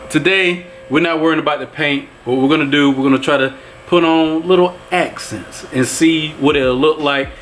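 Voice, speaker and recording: A man's voice: fairly high pitch, fairly bright tone, a little hiss or hum. A man hosting a casual vlog from his garage, chatting in a laid-back, rambling way and keeping up a running talk with his viewers. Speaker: YouTube channel host fixing up his pickup. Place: home garage. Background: background music.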